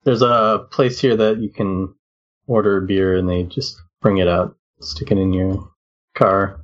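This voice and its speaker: A man on a casual podcast, telling a story in a relaxed, hesitant way. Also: low-pitched, measured pace. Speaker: podcast co-host. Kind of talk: casual chat. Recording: dull lo-fi audio.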